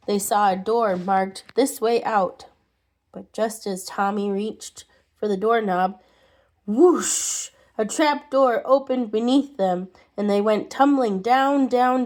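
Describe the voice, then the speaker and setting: A woman reading a children's storybook aloud in an expressive way, with small restarts. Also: fairly high pitch. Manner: expressive, with restarts and muttered asides.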